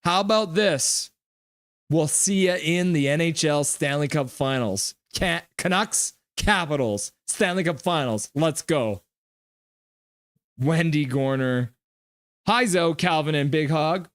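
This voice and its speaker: A man streaming a live reaction, calling plays and reading chat aloud with excitable, jokey trash talk. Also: on the high side, takes it slowly, dry recording.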